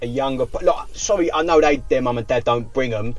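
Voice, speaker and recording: A man's voice: medium pitch, fairly quick. A man hosting a casual interview who asks chatty, prompting questions. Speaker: podcast host.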